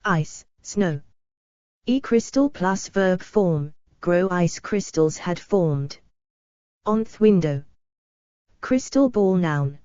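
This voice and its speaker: A woman reading dictionary entries aloud in a flat, literal way, speaking each symbol and abbreviation. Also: on the low side, slow pace, pauses often, dry recording, muffled recording.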